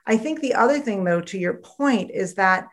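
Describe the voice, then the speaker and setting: A woman author, a guest on a podcast, talking in an animated storytelling way and acting out quoted voices. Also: medium pitch, moderate pace. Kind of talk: podcast interview conversation.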